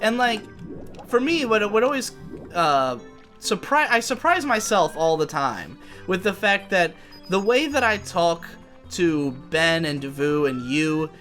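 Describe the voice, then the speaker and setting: A young man chats on a podcast while gaming, circling his point with lots of false starts. His voice sits a little high and rings bright and forceful. Faint game music plays behind him. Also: big pitch swings, measured pace. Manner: rambling, thinking aloud with many restarts. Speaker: podcast co-host. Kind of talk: casual chat while gaming.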